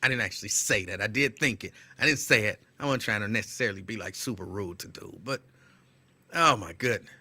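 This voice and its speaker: A man hosting his show, chatting casually and retelling a story with animated, comic energy. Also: lowish voice, fairly quick, slightly rough, no echo. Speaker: show host.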